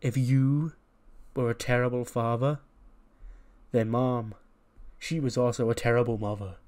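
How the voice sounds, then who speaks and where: Sneering, goading young heel wrestler, his lines rising in pitch and volume as he taunts , voiced by a man. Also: fairly even intonation, a little slow, a little mellow, lightly acted. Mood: bitter.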